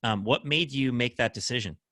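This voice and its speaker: A man's voice: mid-range voice, a little fast, fairly bright tone, no room sound, clean studio sound. A man hosting a podcast interview, encouraging his guest and asking open questions. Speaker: podcast host.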